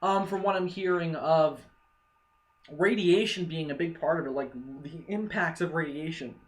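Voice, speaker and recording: Excitable young man geeking out. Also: on the high side, normal speed. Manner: excitable, profane, rambling with many fillers. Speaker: vlogger. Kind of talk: casual fan commentary.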